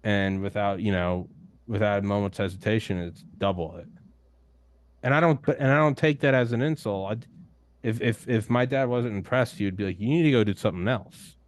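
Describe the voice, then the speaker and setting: A man's voice: lowish voice, normal speed, no echo. A young adult man who hosts a podcast, talking bluntly and emphatically in a casual roundtable, swearing often. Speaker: podcast host guest. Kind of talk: casual discussion.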